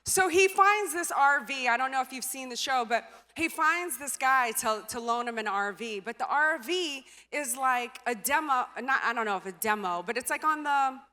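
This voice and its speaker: A woman giving a motivational speech as personal storytelling, animated, acting out dialogue and trailing off with filler sounds. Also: sits high, a little slow. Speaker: motivational speaker. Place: stage in a large venue. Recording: reverberant hall.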